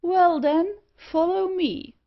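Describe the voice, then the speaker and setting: A woman voicing a sour-looking gentleman who speaks curtly and briskly. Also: very high-pitched, steady tone, voice pushed up, exaggerated voice. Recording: slightly dull audio.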